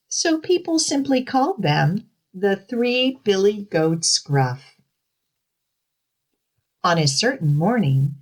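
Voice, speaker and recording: A woman librarian leading a children's storytime, reading rhymes and a fairy tale aloud in a sing-song way. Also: mid-range voice. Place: library garden outdoors.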